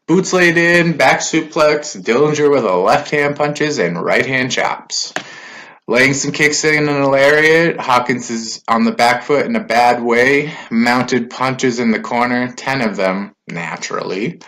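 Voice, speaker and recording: A man's voice: medium pitch, fairly bright tone. A man giving a casual spoken recap of a wrestling show, loose and conversational with filler words and asides.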